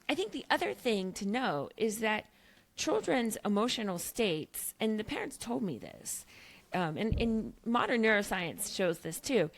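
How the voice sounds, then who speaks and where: A middle-aged woman appears as a guest author on a podcast, her voice a little high and a bit bright. In the conversation she works through her ideas animatedly, often restarting and adding tag questions.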